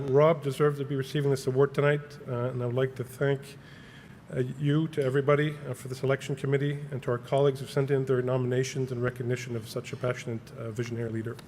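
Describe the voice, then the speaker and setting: Man giving a halting award acceptance speech. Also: mid-range voice, darkish tone, a little hiss or hum. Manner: halting, many filler words. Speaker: award acceptor speaking for a colleague. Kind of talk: prepared acceptance speech on stage. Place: large banquet hall.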